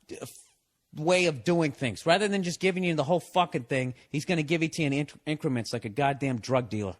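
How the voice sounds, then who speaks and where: Sarcastic swearing guy doing listener advice on his podcast, voice a bit high. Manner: profane, sarcastic, blunt. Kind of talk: casual comedic rant.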